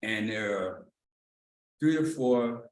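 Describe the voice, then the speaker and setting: Animated man telling a story in a roomy hall. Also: on the low side, takes it slowly. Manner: animated, acts out dialogue, often asks "you know what I'm saying". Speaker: executive director leading a training. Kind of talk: casual personal storytelling in a training talk. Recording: roomy echo, mic at a distance, faint noise.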